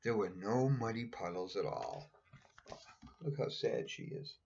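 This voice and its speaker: A man's voice: lowish voice, measured pace, darkish tone, slight background noise. A man casually reading a picture book aloud, adding chatty asides and pointing at the pictures. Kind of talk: casual storybook read-aloud. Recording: dull lo-fi recording.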